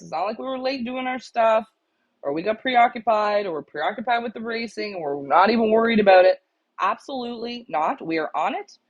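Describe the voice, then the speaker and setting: A woman co-hosts a casual stream for club members, blunt and exasperated, hammering her points home by repeating them. Her voice comes through a little husky and the sound is dull and lo-fi. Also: mid-range voice. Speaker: co-host of a pigeon auction club show.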